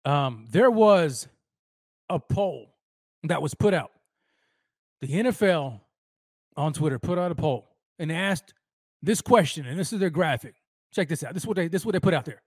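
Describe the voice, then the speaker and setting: A young man hosting a live sports talk stream, excitable and slangy, repeating himself and piling on phrases. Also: a little high, normal speed, pauses often, husky, no echo, clean studio sound. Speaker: sports podcast host.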